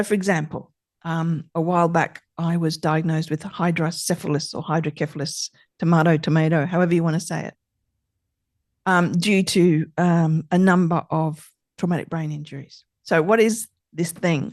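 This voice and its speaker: A middle-aged woman speaks in a slightly low voice, expressive and emphatic as she explains ideas on a podcast. She leans on key phrases and says them again. The sound is close and dry, with almost no room echo. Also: moderate pace. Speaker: trauma therapist guest. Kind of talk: conversational podcast interview.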